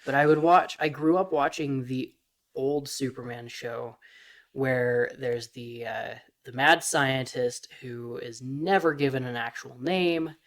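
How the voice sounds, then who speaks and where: A man's voice: mid-range voice, slow pace. A young man co-hosting a podcast, speaking hesitantly with frequent ums in casual chat. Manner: hesitant, many ums, relaxed. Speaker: podcast co-host.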